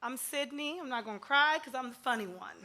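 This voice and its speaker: Woman, daughter delivering a funny eulogy; light storytelling delivery, high-pitched voice. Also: animated, fairly quick, noisy background. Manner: light-hearted storytelling, laughing at times. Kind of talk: eulogy with humorous anecdotes.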